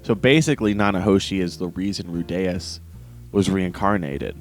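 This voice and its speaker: A man's voice: low-pitched, normal speed, faint music behind. A man giving a casual, rambling spoken review with lots of restarts and "right?" asides. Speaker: book reviewer.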